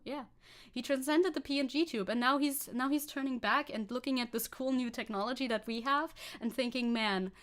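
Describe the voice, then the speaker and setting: A woman's voice: fairly high pitch, fairly bright tone. A woman VTuber streaming live, chatting casually and sarcastically while reading and answering chat. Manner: sarcastic, reads chat aloud and laughs often.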